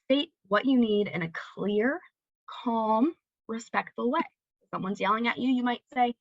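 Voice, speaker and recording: A woman's voice: mid-range voice, moderate pace, no room sound, lo-fi sound. A woman giving a recorded library presentation, explaining ideas steadily and walking through examples. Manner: clear, steady teaching delivery with examples.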